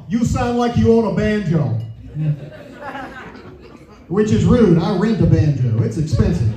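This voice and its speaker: A man's voice: high-pitched, warm tone. Southern-accented male comic, drawling crowd banter, distant reverberant club sound. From South Louisiana. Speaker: stand-up comedian and show emcee. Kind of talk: stand-up comedy set. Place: comedy club stage. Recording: echoey club heard from a distance with audience. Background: audience laughter.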